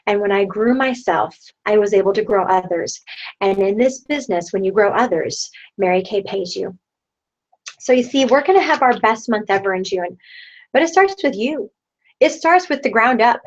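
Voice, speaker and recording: A woman's voice: medium pitch, lively intonation, normal speed. A woman in her thirties leading her sales team over a video call, rousing them with repeated rhetorical questions. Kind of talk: motivational pep talk. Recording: dull lo-fi online video call.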